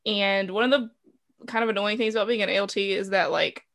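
A young woman co-hosting a podcast in casual chat, teasing and blunt with an animated delivery, recorded over a remote call. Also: medium pitch, a little fast. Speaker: podcast co-host.

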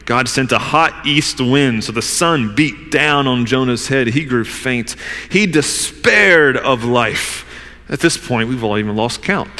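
A male pastor delivers a sermon in a relaxed, conversational way, acting out the voices of the people he quotes. His voice is bright and edged, at a middle pitch. It carries with the long reverb of a large hall.

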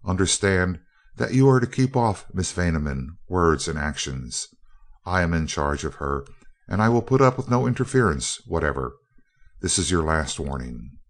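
A man reading the lines of a cold, calm male scientist villain in an audiobook, speaking evenly and clipped. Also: low voice, moderate pace. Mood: coldly calm. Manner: cool, even and clipped. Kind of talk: audiobook character voice.

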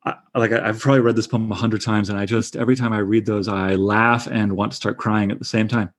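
A man's voice: on the low side, fairly even intonation, fast. A man in his thirties leading a casual literary discussion, enthusiastic and stumbling over restarts. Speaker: discussion leader.

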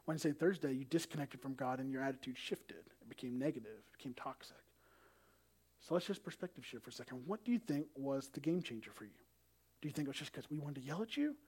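A man in his thirties preaching a sermon as a pastor, telling family stories and acting out the dialogue in an animated way. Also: medium pitch, fast, husky.

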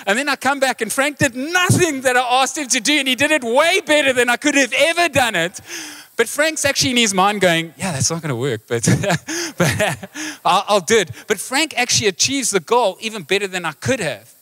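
Bright-voiced man preaching a lively sermon. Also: extremely high pitch, a little fast. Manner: animated, engaging the congregation with questions. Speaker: pastor. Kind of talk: live sermon. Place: church hall.

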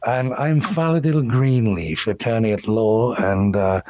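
A man's voice: lowish voice, fairly even intonation, unhurried, darkish tone, no echo, close to an everyday voice. A man voicing a suave, cultured male elf attorney who speaks in polished, courtly phrases.

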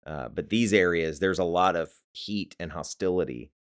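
Very low male voice, firm and measured podcast co-host. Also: smooth. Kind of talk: casual discussion.

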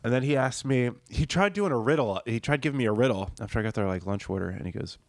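A man telling a funny story about his job as a server in a profane, animated way, acting out the people in it. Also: medium pitch, quick pace, dry recording, clean studio sound. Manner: profane, animated, acts out quotes. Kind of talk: casual comedic storytelling.

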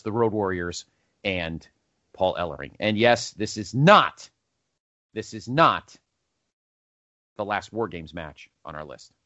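Highs are cut off in this dry recording of a medium-pitched man. Hosting an informal countdown podcast, he rambles, corrects himself as he goes, and keeps things animated.

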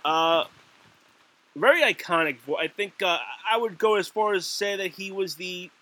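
Male podcast co-host, giggly and rambling, bright forceful voice, slightly high. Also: normal speed. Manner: giggly, rambling with fillers and restarts. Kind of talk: casual chat.

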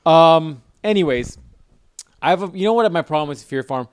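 A man joking crudely in casual banter, profane and animated as he tells stories. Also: on the high side, a little fast, smooth, dry recording.

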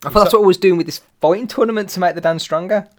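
Casting: male co-host, deadpan, dry wit. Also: sits high, very fast. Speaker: podcast co-host. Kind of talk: casual chat.

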